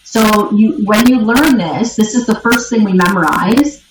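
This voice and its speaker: A woman's voice: mid-range voice, unhurried, noisy background. A woman leads an online coaching session, walking through sales scripts in an instructive, conversational way. Her voice sounds distant from the microphone, with a roomy echo around it. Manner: instructive, frequent rhetorical "right?". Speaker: real estate coach. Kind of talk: online workshop teaching.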